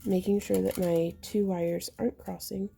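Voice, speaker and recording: A woman with a slightly hoarse voice, chatting casually as she explains a step-by-step craft tutorial while she works. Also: mid-range voice, little pitch movement, moderate pace, warm tone, a little hiss or hum. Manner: chatty, explains while working, with fillers and throat clearing. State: slightly losing her voice. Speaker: jewelry-making instructor.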